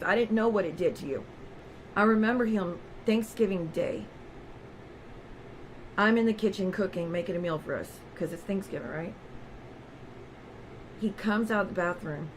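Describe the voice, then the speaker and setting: A woman's voice: medium pitch, moderate pace, long pauses, a little hiss or hum, rough recording. A woman vlogger telling a personal story straight to her viewers in a raw, candid way.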